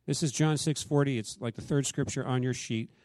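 A man's voice: mid-range voice, fairly quick, a little mellow, no echo. A man leading a Bible study in a casual, conversational way, quizzing his listeners and acting out the quotes he reads. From United States. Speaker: church teacher.

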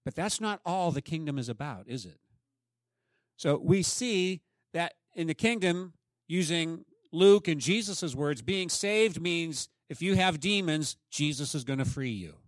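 A man's voice: fairly high pitch, lively intonation, unhurried, dry recording, clean studio sound. A man preaching a sermon as pastor, emphatic and often asking the congregation questions.

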